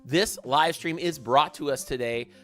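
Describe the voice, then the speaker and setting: A man hosting a gaming livestream, chatting casually and warmly thanking viewers by name as he reads their comments. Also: fairly high pitch, a little slow, soft background music. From American South.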